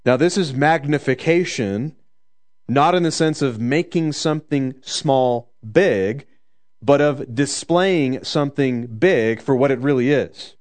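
A man preaching a conversational sermon, joking in asides and slowing down to stress the scripture. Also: mid-range voice, a little mellow.

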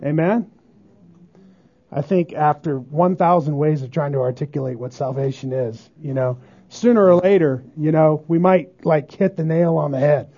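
High-voiced, mellow man preaching emphatically. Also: normal speed. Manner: emphatic preaching, rhetorical questions to the congregation. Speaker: pastor. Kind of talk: sermon. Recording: dull lo-fi sermon recording.

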